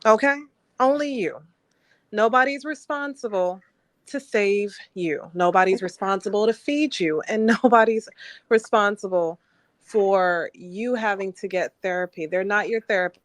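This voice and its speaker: A woman on a casual podcast who delivers sassy, emphatic declarations. Her voice has a middling pitch, and the recording is dry, with no room sound around her. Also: a little slow, no room sound. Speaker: podcast co-host.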